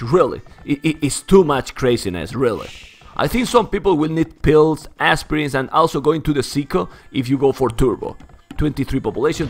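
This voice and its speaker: A man with a Spanish accent, Spanish as his first language, giving excitable live commentary on a strategy game and calling everyone "man". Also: medium pitch. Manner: excitable, keeps saying "man", surges into shouts when hyped. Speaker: esports caster.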